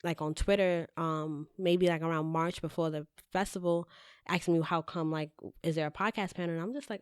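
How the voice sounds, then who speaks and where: A woman speaking as a guest in a casual interview, candid and animated, cursing freely as she tells her stories. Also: on the low side, fairly quick, smooth, dry recording, studio quality. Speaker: podcast guest, editor-in-chief.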